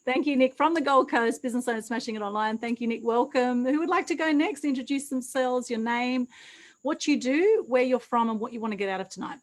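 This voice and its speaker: A woman's voice: a little high, brisk, rough recording. A woman hosting an online meetup over a video call, upbeat and effusive, full of praise for each guest. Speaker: meetup host.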